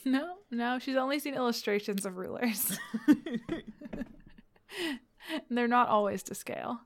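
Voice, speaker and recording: A woman's voice: on the high side, measured pace, slight background noise. Giggly young woman recapping a story. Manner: giggly, animated storytelling with acted quotes. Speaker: podcast co-host recapping a book. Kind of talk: casual chat.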